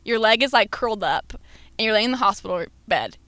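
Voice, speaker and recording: A young woman talks as a podcast guest. She tells her story in an animated, slangy way and laughs often. Her voice sits at an ordinary pitch and is recorded dry and close. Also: fast talker, no room sound. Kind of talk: casual chat.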